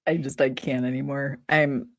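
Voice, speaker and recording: A woman's voice: rumbling low, little pitch movement, normal speed, no room sound. A woman co-hosting a casual live stream, dryly sarcastic and laughing often. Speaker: co-host.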